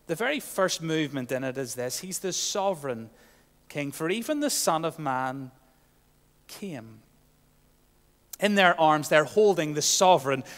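A man preaching a sermon, earnest, swinging from loud proclamation to soft, hushed asides. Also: fairly high pitch, big-room sound.

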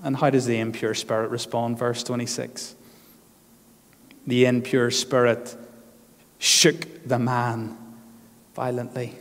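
A man preaching a sermon as pastor, earnest and emphatic, leaning on repeated phrases. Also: medium pitch. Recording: long hall reverb.

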